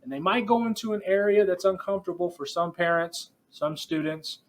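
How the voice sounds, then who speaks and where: Conversational professor lecturing by podcast. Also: male voice, high-pitched, a little fast. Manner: conversational, digressive, speaks directly to students. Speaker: professor teaching future principals.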